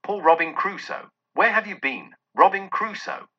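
A man voicing an excited old miser, husky. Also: sits high, moderate pace, voice pushed up, full character voice. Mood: giddy. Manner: excited, breaking between laughing and crying. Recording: dull lo-fi audio.

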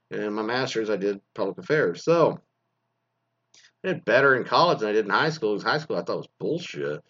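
A man's voice: fairly low pitch, fairly bright tone. A middle-aged man from Texas, a former teacher, ranting with heavy profanity and sarcasm in a casual monologue. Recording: slightly dull lo-fi sound.

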